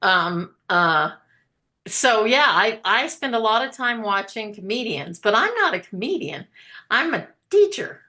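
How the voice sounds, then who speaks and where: A woman's voice: mid-range voice, big pitch swings, unhurried, sharp tone. A woman teacher chatting casually, telling stories and laughing often. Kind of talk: casual conversation.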